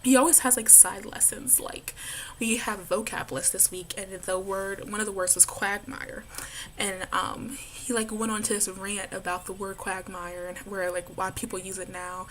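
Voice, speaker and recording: A woman's voice: mid-range voice, fairly even intonation, moderate pace, fairly bright tone, slight background noise. A young woman in college chatting casually in a vlog, bubbly and giggly, with lots of "like" in her talk. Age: young adult. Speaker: college student vlogger.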